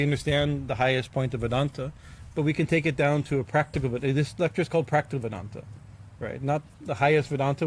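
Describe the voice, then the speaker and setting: A man, a swami, giving an informal religious class, speaking haltingly with many fillers, restarts and small bursts of emphasis. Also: mid-range voice, slight background noise.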